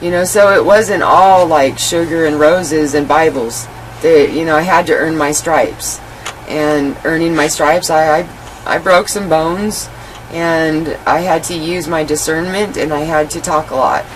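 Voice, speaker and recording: A woman's voice: low-pitched, a little slow, slight background noise, low-quality recording. A woman guest in an interview, telling her life story candidly and animatedly, with many "you know" fillers.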